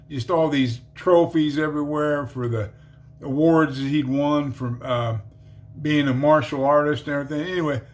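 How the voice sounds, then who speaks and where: A man who is an ex-convict telling his conversion story in a casual, rambling way full of fillers. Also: a little high. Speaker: ex-convict giving a conversion testimony.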